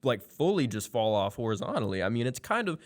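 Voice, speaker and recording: Lively man on a podcast. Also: medium pitch, fast. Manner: animated, laughs easily. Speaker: podcast co-host. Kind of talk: casual podcast chat.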